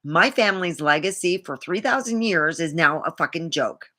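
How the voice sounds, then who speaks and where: A woman's voice: fairly low pitch, lively intonation, normal speed, sharp tone. A woman vlogger talking in a rambling, indignant way, swearing freely as she tells a personal story. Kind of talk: casual monologue to camera.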